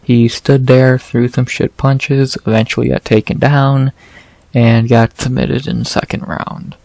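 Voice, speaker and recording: A man casually recapping fights, profane and exasperated, his frustration rising into loud rants. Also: medium pitch, little pitch movement, measured pace, creaky, dry recording. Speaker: podcast host recapping fights.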